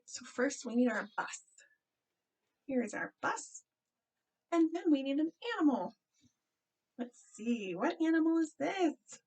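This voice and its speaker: Woman, children's librarian, high-pitched, unhurried, sing-song, encouraging. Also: a little mellow. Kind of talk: storytime reading and sing-along for children.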